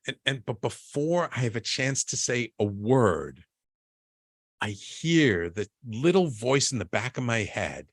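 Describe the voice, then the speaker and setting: A man as an interview guest telling a personal story in a lively way. He often restarts and repeats words, and he acts out the people he quotes. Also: mid-range voice, normal speed, no room sound, studio quality. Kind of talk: conversational storytelling.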